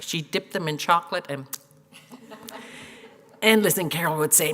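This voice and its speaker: Low-voiced older woman giving a eulogy. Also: normal speed, pauses often. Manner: warm storytelling with fillers and laughs. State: tearful. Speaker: eulogy speaker. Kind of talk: funeral eulogy. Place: funeral hall. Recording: echoey hall.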